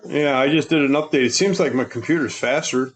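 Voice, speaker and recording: A man's voice: fairly high pitch, fairly quick. Teasing man bantering. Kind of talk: casual chat.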